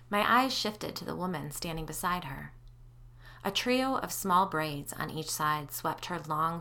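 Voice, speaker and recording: A woman podcast host narrating a first-person ghost story in a steady, measured reading. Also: low-pitched, gravelly.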